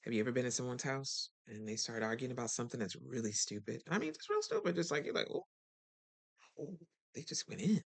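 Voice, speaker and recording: A lively host talking straight to listeners in a casual self-help chat. The voice sits at a middling pitch, and the delivery stays animated and conversational, with quick turns into acting out other people. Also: gravelly. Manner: chatty and direct, addresses listeners. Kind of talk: casual motivational talk.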